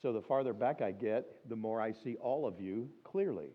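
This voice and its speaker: A man speaking at a school week of prayer, telling stories from his life in an animated way and acting out the voices of the people in them. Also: fairly low pitch, moderate pace. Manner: animated storyteller, acts out quoted voices. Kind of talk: storytelling sermon. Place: school chapel or auditorium. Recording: dull lo-fi sound.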